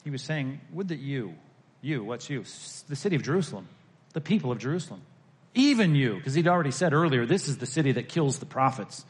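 Man preaching an expressive sermon. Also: mid-range voice, fast talker. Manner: expressive preaching, rising emphatic peaks and dropping to hushed quiet lines; conversational asides to the congregation. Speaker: pastor.

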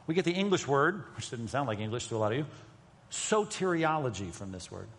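A man's voice: mid-range voice, sing-song, fairly quick. Man preaching in an echoing hall. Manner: emphatic, shifts between loud and hushed delivery. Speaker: pastor. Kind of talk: sermon. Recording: long reverb of a large hall.

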